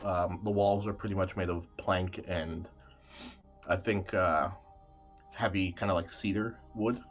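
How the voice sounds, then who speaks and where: Low-voiced man game master, lo-fi. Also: measured pace, faint music behind. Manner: relaxed, hesitant, lots of fillers. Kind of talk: narrating a tabletop game. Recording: dull lo-fi mic.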